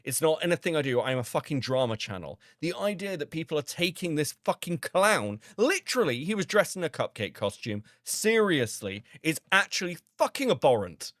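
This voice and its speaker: Male drama-channel streamer, heated and foul-mouthed, very animated delivery, dry and close. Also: a little high, fairly quick, hardly any pauses, no room sound. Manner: heated, profane ranting. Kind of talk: livestream commentary reacting to comments.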